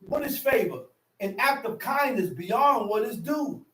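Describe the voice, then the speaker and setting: A man preaching a sermon with shouted, impassioned bursts, dropping into slow definitions and casual street talk, calling his listeners "man.". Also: very high-pitched, animated. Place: worship hall. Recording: echoey room, mic far off.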